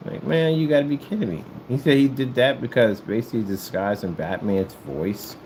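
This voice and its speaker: A man rambling casually to the camera as he works, animated and joking, often jumping into a high falsetto. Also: a little fast, slight background noise, poor audio. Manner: animated, jumps into high falsetto sing-song and joking voices. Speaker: vlogger. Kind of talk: casual rambling monologue while working.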